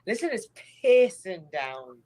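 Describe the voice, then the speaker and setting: A woman's voice: medium pitch, big pitch swings, slow, crowd noise. A woman chatting bluntly on a video call. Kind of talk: casual chat.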